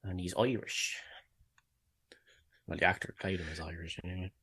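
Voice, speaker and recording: A man with a very low voice chats loosely as a podcast co-host. He rambles off topic, swears freely and laughs often. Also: steady tone, moderate pace, fairly bright tone, husky. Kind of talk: casual chat.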